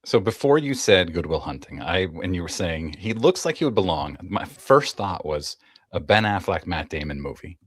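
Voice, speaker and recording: A man's voice: deep voice, big pitch swings, moderate pace, breathy edge. A man in his forties with a light Maine accent, co-hosting a casual podcast with a dry, joking manner. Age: 40s. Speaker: podcast co-host.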